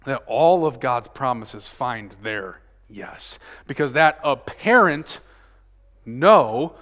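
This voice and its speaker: Man preaching in a reverberant church. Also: fairly high pitch. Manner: dramatic swings between loud emphasis and hushed near-murmur; frequent rhetorical "right?" tag questions. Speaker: pastor. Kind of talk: sermon. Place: church sanctuary. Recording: long reverb of a church sanctuary.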